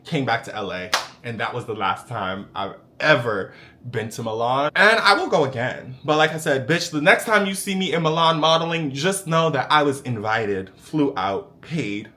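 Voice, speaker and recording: A young man telling a story to camera in a sassy, animated, profane way. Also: mid-range voice, unhurried. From United States. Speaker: vlogger.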